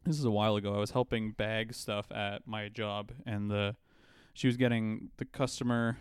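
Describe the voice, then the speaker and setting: A man's voice: on the low side, level tone, moderate pace, smooth, no room sound, studio quality. A young man co-hosting a podcast, chatting casually with crude jokes, laughing often and telling rambling stories. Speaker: podcast co-host. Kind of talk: casual chat.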